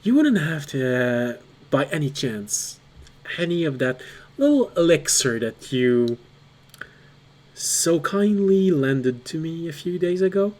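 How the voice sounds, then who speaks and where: A man's voice: a little high, sing-song, slow pace, a little mellow. A man voicing a playful, flirtatious woman in a tabletop game, speaking in a sly, teasing way. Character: playful flirtatious female NPC.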